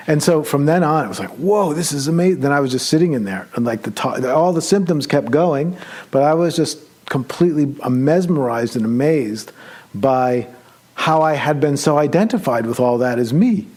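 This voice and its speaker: A male meditation teacher telling a personal story during a retreat talk, conversational and animated as he acts out his own excited thoughts. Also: a little high, moderate pace. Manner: relaxed, conversational, with many fillers.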